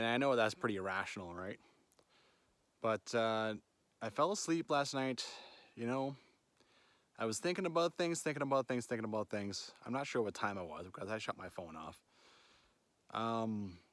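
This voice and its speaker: Alone on a backcountry trail outdoors, a man vlogs his backpacking trip into a handheld phone, his lowish voice a bit bright on a dry recording. His narration is chatty and rambling, often finishing with "right?".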